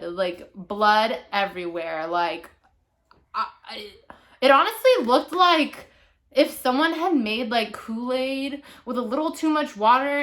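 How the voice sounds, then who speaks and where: A young woman in her twenties tells a personal story to her viewers, chatty and animated, full of "like" and "you know". Her voice is bright and sits a little high. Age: 20s. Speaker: vlogger. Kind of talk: casual storytime monologue.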